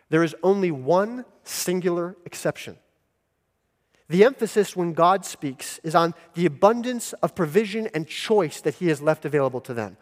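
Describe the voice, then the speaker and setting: A man's voice: on the high side, expressive. Emphatic preacher man in a reverberant hall. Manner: deliberate, emphatic teaching. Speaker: pastor. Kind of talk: sermon.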